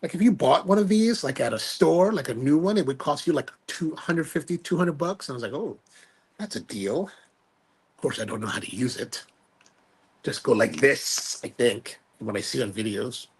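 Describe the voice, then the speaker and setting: Male livestream host, gravelly and husky tone, loose rambling self-deprecating delivery while reading viewer comments. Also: mid-range voice, animated, a little fast. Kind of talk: casual chat, reading viewer comments aloud.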